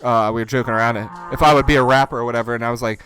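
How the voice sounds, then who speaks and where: A man's voice: medium pitch, steady tone, very fast, a bit bright. A young man with a mid-range voice, co-hosting a loose podcast. He talks in a joking, easygoing way and drops casual swears. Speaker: podcast co-host. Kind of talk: casual chat.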